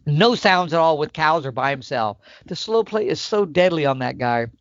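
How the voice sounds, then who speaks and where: A man explaining elk calling tactics in casual podcast talk, emphatic and animated, sometimes acting out the calls. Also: a little high, moderate pace, no room sound, muffled recording. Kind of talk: instructional podcast chat.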